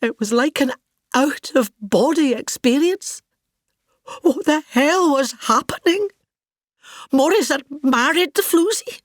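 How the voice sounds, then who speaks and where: A woman's voice: fairly low pitch, dry recording, clean studio sound, lightly acted. A woman with a Scottish accent playing a vain, grandiose older actress in a scripted comic monologue, pompous and gossipy.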